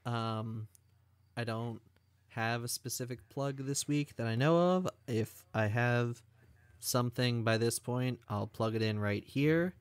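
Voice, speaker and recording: A man's voice: mid-range voice, steady tone, unhurried, clean tone. A man co-hosting a podcast in casual chat, talking in a tired, rambling way with lots of fillers. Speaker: podcast co-host.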